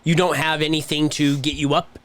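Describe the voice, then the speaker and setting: A man's voice: on the high side, flat delivery, a little fast, a bit bright. A man co-hosting a podcast, joking along and chatting about work and retirement. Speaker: podcast co-host. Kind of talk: casual chat.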